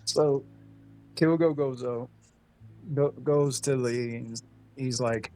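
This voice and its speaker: Male game master, unhurried, swears and chuckles, mid-pitched voice. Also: warm tone, soft background music. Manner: casual, laughing, swearing. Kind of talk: narrating a tabletop horror game.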